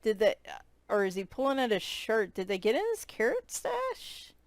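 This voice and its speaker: A woman's voice: fairly high pitch, huge pitch swings, moderate pace, no echo. A woman chatting casually as she flips through a coloring book, amused and giggling as she comments on each picture.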